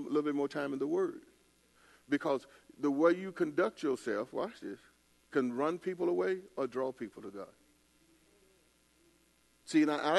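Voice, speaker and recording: A man's voice: mid-range voice, gravelly, a little mellow. An older man preaching a casual sermon, telling stories in a loose colloquial way with laughing asides. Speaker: pastor. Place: church.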